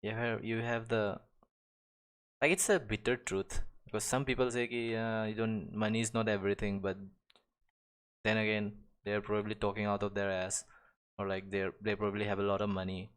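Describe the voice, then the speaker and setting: A man's voice: lowish voice, level tone, normal speed, clear, resonant tone. A young man chatting casually and rambling while he draws on a live stream, full of restarts and small chuckles. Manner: rambling, many restarts and fillers, chuckles often. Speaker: live-stream digital artist. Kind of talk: casual chat while drawing.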